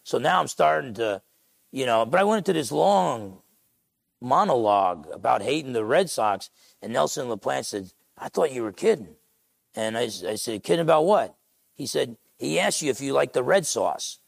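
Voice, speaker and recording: Gravelly New Jersey pastor preaching. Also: male voice, medium pitch, normal speed, no room sound. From Essex County, New Jersey. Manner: animated storytelling, acts out the people he quotes. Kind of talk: sermon.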